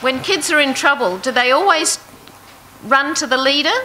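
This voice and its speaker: A woman's voice: high voice, animated, moderate pace, pushed and bright, a little hiss or hum, poor audio. A woman teaching a Bible passage to a group, reading verses aloud and asking her listeners questions. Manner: asks the audience questions, reads verses aloud. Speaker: preacher.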